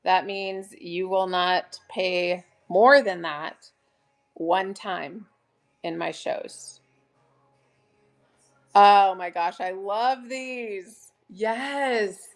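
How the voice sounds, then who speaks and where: A middle-aged woman hosting a chatty live selling stream, bubbly and greeting viewers by name with excited gasps. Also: mid-range voice, drawn-out words, soft background music.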